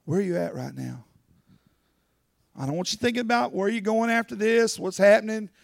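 High-voiced, gravelly male preacher. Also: fairly quick, no echo. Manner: earnest storytelling preacher, rising to fervent pleading. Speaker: pastor. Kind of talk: sermon.

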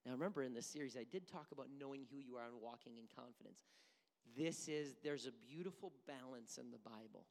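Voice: medium pitch, fairly quick, gravelly, long reverb tail. Pastor preaching with dramatic swings in volume. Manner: dramatic preaching, swinging from hushed near-whispers to loud bursts. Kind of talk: sermon.

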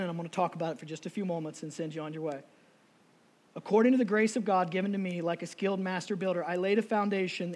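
A middle-aged man preaching a sermon emotionally, moving from soft, near-tearful passages to shouted appeals. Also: high voice. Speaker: lay preacher.

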